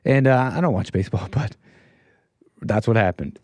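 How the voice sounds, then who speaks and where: A man's voice: lowish voice, lively intonation, normal speed, darkish tone, dry recording, clean studio sound. A man hosting a live stream, talking casually and rambling through commentary with restarts and asides to his chat.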